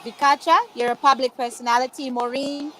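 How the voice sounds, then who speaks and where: A woman's voice: high voice, fairly even intonation, fairly quick, pushed and bright, faint music behind, poor audio. A woman moderating a virtual panel discussion over a video call, speaking in an encouraging, conversational way.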